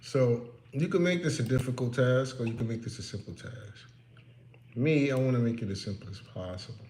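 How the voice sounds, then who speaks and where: A man's voice: mid-range voice, a little fast, a little mellow, echoey room, a little hiss or hum. A man working as a real estate investor, talking candidly and preaching a little to the listener, in a casual motivational talk from his office.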